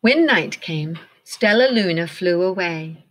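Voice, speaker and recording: A woman's voice: fairly low pitch, animated, slow pace. A woman teacher reading a picture book aloud to children, encouraging them and asking them questions. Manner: encouraging, asks the listeners questions.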